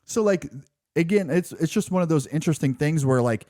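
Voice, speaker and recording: A man's voice: a little high, animated, brisk, warm tone, no room sound, clean studio sound. A man co-hosting a film podcast, talking casually and rambling through his thoughts with frequent restarts and fillers. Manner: rambling, restarts often, says "like" and "you know". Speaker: podcast co-host.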